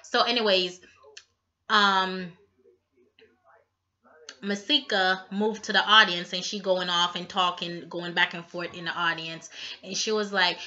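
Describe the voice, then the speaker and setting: Bright-voiced chatty woman, lo-fi. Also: fairly low pitch, fairly even intonation, measured pace, pauses often. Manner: chatty, blunt, many fillers. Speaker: vlogger reviewing a reality show. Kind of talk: casual opinionated recap.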